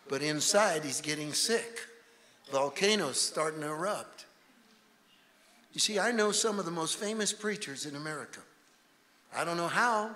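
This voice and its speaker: High, bright-voiced man preaching dramatically. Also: unhurried. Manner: dramatic, swings from shouting to hushed intensity. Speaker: guest preacher. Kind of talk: revivalist sermon. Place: church sanctuary. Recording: reverberant church hall, faint room noise.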